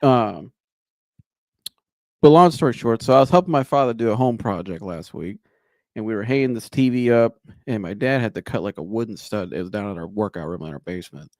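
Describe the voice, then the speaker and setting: A man's voice: lowish voice, brisk, darkish tone, no echo, clean studio sound. A man hosting a podcast, telling a long rambling anecdote in a casual way, with restarts and laughter. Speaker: podcast host. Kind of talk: casual storytelling.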